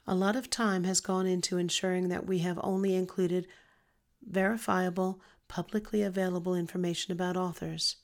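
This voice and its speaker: A woman reading an informational text in a scripted, even, list-like way. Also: on the low side, normal speed.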